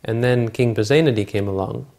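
A man's voice: lowish voice, fairly quick, vocal fry, a little mellow. A man retelling a Buddhist scripture story in a talk, informal and searching aloud for words and names.

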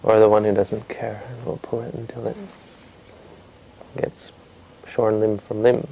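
A man quoting a calm wise sage, gravelly and mellow. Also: lowish voice, a little slow, exaggerated voice, low-quality recording. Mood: questioning. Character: calm wise male sage judging a dispute.

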